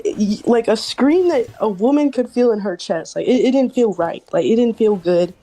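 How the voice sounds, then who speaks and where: A woman guest on a video call, telling her side casually, halting and full of "like" fillers. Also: fairly high pitch, expressive, warm tone. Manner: halting, many "like" fillers and restarts. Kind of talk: casual recounting on a group stream.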